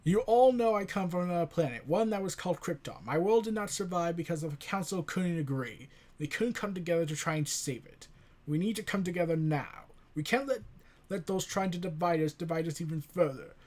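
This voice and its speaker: A man voicing a calm, earnest male superhero who asks people to come together. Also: high-pitched, close to an everyday voice. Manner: measured, earnest appeal.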